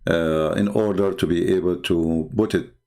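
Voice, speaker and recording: A man's voice: sits low, fairly even intonation, normal speed, vocal fry, mellow. A man hosting a livestream, arguing a point with rhetorical questions and plenty of hesitation. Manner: argumentative, repeats rhetorical questions, frequent filler. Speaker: online show host. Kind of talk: livestream commentary on religious texts.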